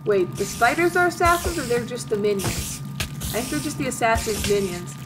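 A woman's voice: fairly high pitch, animated, moderate pace, loud music behind the voice. A woman hosting a let's-play video, chatting through a game in a playful, mock-dramatic way. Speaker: gaming video host.

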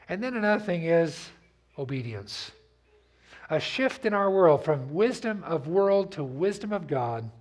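A man preaching a sermon as pastor, telling stories in a conversational way and asking the congregation to repeat after him. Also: fairly high pitch. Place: church sanctuary.

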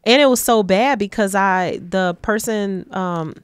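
A woman from Detroit, a guest in a casual interview, telling relaxed stories and laughing often. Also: medium pitch, unhurried, clean tone, no echo, clean studio sound. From Detroit, USA. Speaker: guest, community advocate.

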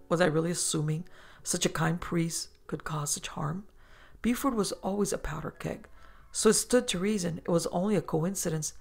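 A woman host narrating a first-person horror story in a measured, dramatic way. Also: sits low, gravelly, husky.

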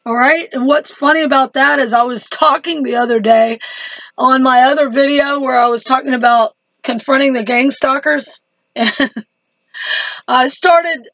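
A woman's voice: high voice, normal speed, a bit bright, no room sound, lo-fi sound. A woman chatting to her viewers in a casual religious video diary, laughing easily. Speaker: Christian vlogger.

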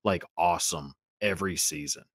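A man hosting a casual podcast chat, laid-back and quick to agree with his guest. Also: low voice, a bit bright, no echo, studio quality. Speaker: podcast host.

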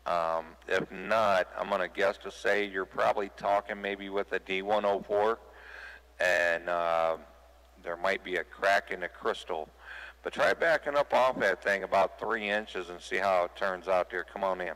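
A folksy man talking casually over a CB radio, his low voice bright and forceful. He speaks plainly and hands out friendly advice, and a long reverb trails after his words. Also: measured pace. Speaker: CB radio operator.

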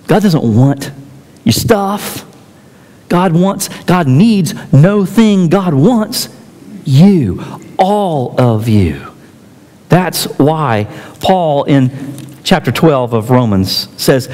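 Expressive male preacher in a reverberant church. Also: fairly high pitch. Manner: storytelling with acted quotes and emphatic pauses. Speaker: pastor. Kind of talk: sermon. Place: church sanctuary.

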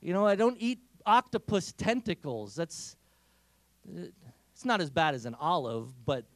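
A man giving an energetic, humorous inspirational talk to teenagers, telling stories. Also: a little high, measured pace, no room sound. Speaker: speaker.

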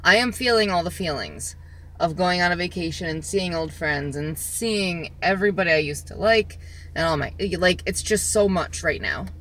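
A woman chatting casually in a vlog, rambling along with lots of filler pauses, filming herself on a phone outdoors. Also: on the low side, a bit bright, a little hiss or hum. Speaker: vlogger. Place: outdoors in the sun.

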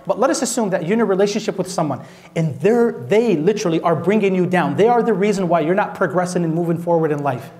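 A man from Minnesota delivers an Islamic talk in a high-pitched voice. He speaks conversationally, peppering listeners with rhetorical questions and light jokes. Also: fast. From Minnesota, USA. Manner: asks the audience rhetorical questions, animated and joking. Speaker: sheikh giving a lecture.

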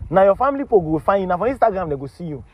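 Loud, teasing Nigerian Pidgin man. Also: high voice, very animated, racing, lo-fi sound. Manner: loud, theatrical, teasing, repeats himself. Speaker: street interviewer. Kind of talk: comic street skit.

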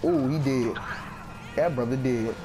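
A man's voice: medium pitch, measured pace, noisy background. A man hosting a casual gaming session with friends, joking around and laughing a lot. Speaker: gaming channel host.

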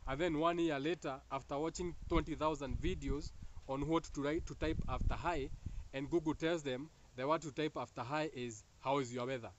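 A man's voice: a little high, steady tone, moderate pace, dull audio, a little hiss or hum. A man with a Kenyan accent giving a casual spiritual monologue, joking and laughing often between teasing and preachy asides. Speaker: spiritual talk host.

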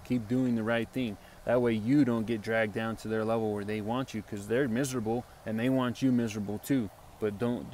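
A self-styled preacher with a fairly low voice delivers an informal sermon to camera, earnest and rambling, packed with fillers and restarts, and he keeps asking "right?". A little hiss or hum sits under the recording.

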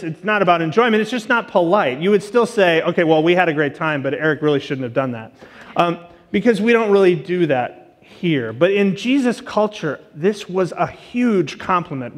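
A man giving a casual, chatty sermon as a guest teacher, full of asides and fillers. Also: fairly high pitch. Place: church auditorium. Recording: long church reverb.

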